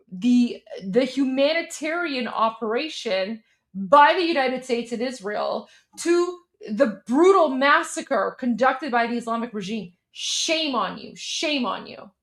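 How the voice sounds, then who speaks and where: Speaking slowly in a high-pitched, expressive voice, a young Iranian woman reacts to a hearing on her live stream. She delivers scornful, heated commentary and frequently repeats points to drive them home.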